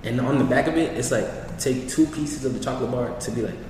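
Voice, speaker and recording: A man's voice: mid-range voice, brisk, a little mellow, slight background noise. A young man telling a story to friends in casual chat, laid-back and full of slang. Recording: echoey room, voice from far off.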